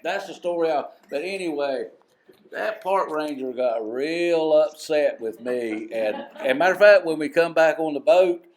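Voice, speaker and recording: With a heavy Harkers Island brogue from coastal North Carolina, a man speaks unhurriedly in a fairly high voice as a storyteller co-host. He spins a rambling yarn before a live audience at a museum parlor talk, interrupting himself along the way. Slight background noise can be heard.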